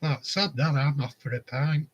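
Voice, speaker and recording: A man's voice: fairly high pitch, fairly even intonation, normal speed, muffled recording. A man, casually telling rambling anecdotes and chuckling often. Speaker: vlogger. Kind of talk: casual storytelling.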